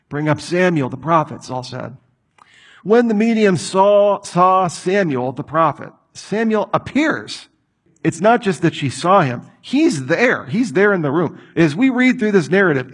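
Guy preaching a sermon, kinda husky, gets really animated doing the characters. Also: fairly high pitch. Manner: animated, acts out voices of the people in the story. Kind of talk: expository sermon.

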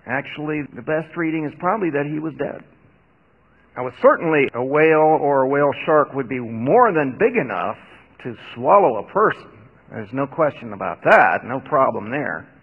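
A man's voice: medium pitch, animated, moderate pace, breathy edge. A man preaching a sermon in a conversational way, with wry asides. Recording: dull, echoey hall recording.

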